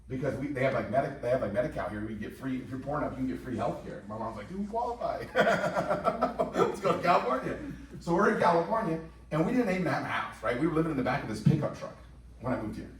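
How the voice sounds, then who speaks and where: A medium-pitched male voice, with a little hiss or hum in the audio, belongs to an Indiana man making a joking sales presentation before a live audience. He regularly poses questions to the room, and the echoey office meeting room is recorded from a distance.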